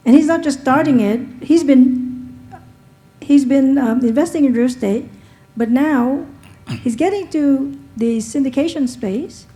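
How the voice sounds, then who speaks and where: A woman's voice: a little high, dark tone, poor audio. A woman hosting an event at a hotel, introducing the next speaker in a playful way. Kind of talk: introducing a guest on stage.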